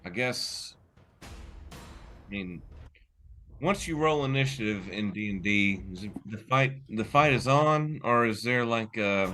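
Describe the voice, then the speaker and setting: Bright, quick-asking man at a game table. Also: on the low side, lively intonation, slight background noise. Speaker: player. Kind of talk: casual table chat.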